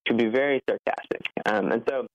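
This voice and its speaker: A man's voice: medium pitch, a little fast, background noise. A man, a guest founder, talking earnestly in an interview with many "like" fillers and a nervous laugh. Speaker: podcast guest, app founder. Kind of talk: conversational interview. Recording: dull, muffled lo-fi sound.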